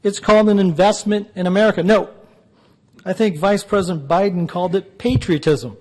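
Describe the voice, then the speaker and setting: High-voiced man giving a lecture. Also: fairly even intonation, a little fast, a little mellow. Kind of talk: public lecture with told jokes. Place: lecture hall.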